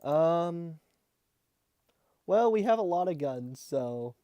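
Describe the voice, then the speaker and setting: A man's voice: a little high, expressive, takes it slowly, mellow, no echo. A man hosting a casual podcast, laughing often and steering the talk. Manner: giggly, leads the talk. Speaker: podcast host. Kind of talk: casual chat.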